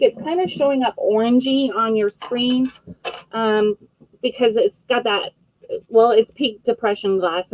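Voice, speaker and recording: A woman runs a live-stream vintage sale in a chatty, friendly way, taking her time over each piece. Her voice sits a little high and sounds close and dry, with no room echo. She fills gaps with little ums and corrects herself as she goes. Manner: chatty and friendly, describing items with frequent fillers and self-corrections. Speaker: host of a live online vintage auction. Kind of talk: casual live-stream selling.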